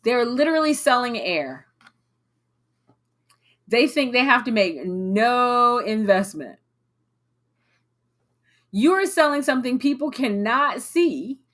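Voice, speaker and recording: Blunt, bright-voiced woman sales coach. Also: on the high side. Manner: blunt, animated, swears, mimics clients. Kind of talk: live coaching call, blunt rant.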